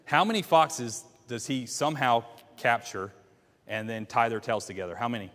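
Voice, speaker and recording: A man's voice: mid-range voice, normal speed, fairly bright tone. Man, Bible class teacher, quizzing the class, retelling a story, long hall reverb. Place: church classroom.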